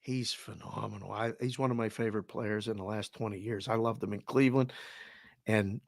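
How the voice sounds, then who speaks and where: A man's voice: on the low side, fairly even intonation, a little fast, vocal fry, dry recording, studio quality. A man co-hosting a sports betting show, a former bookmaker, talking in a rambling way with stammered restarts. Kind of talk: casual sports debate.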